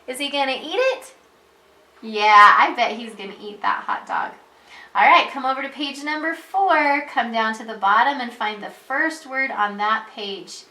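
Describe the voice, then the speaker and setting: A woman leads a preschool reading lesson, slow and patient, with a bright, slightly high voice. She talks in a sing-song way and jumps up into excited calls when she reads out loud. The room around her sounds echoey. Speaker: preschool teacher. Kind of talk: reading lesson for young children.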